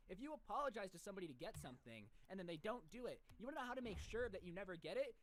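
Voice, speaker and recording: Young man in his twenties, high lively voice, fast story-time rant, faint hiss behind. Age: 20s. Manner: animated, exasperated ranting. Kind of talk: casual story time vlog.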